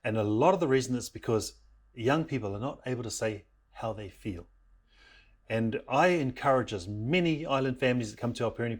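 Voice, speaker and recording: Brief: middle-aged man from New Zealand, animated storyteller who slips into family voices, mid-pitched. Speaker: parenting program speaker. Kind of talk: storytelling talk.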